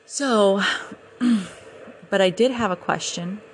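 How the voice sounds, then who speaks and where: A young woman hosting a podcast, telling a story in a casual, animated way and acting out her own reactions. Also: mid-range voice, slow pace, slight background noise. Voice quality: animated, breathless retelling with quoted reactions. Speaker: podcast host.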